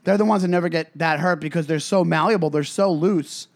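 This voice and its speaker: A man in casual podcast chat, telling meandering stories packed with fillers. His voice sits a little higher than most men's. He drifts quieter when the story turns serious. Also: brisk. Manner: rambling, filler-heavy storytelling. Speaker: podcast co-host.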